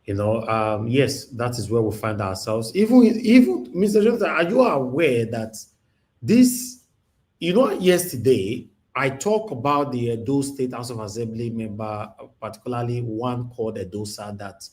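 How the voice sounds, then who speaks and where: A man's voice: medium pitch, expressive, normal speed, darkish tone. A man hosting a live-stream talk show, conversational, with many fillers and restarts. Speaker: host.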